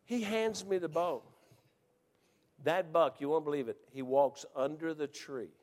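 A man with a fairly high voice tells a comic personal story with lively energy, laughing along as the tale builds. His voice carries a long reverb, as if spoken in a large hall. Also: a little slow. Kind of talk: animated personal anecdote.

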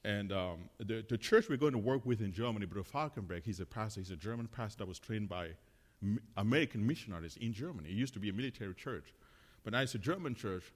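A man, a missionary, sharing testimonies in church in a chatty, halting way with many fillers. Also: lowish voice, lively intonation, big-room sound. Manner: chatty, many fillers and restarts, laughs often.

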